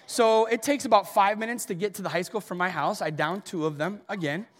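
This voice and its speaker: A man preaching a sermon as pastor, telling funny self-deprecating stories in an animated way. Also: high voice, brisk, big-room sound. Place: church auditorium.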